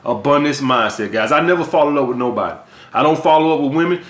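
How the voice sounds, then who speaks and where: A man's voice: mid-range voice, lively intonation, quick pace. A man from the US South with a Southern accent, giving blunt, profane dating and sales advice as a coach in a vlog monologue. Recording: echoey room.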